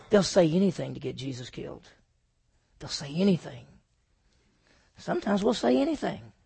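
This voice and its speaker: A man preaching a sermon, emphatic, asking rhetorical questions and swinging between loud and hushed delivery. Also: high voice, vocal fry, husky. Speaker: pastor.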